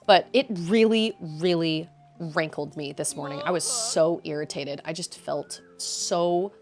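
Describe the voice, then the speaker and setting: A woman's voice: low voice, measured pace, soft background music. A woman streaming a game, venting in casual chat to her viewers, rambling with frequent restarts. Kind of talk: casual chat while gaming.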